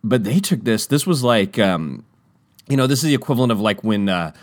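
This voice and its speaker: Recorded in clean studio sound without echo, a man tells a personal story a little fast and in a casual, rambling way. He's animated, full of restarts and fillers, and leaps into high, raised voices when acting out what others said.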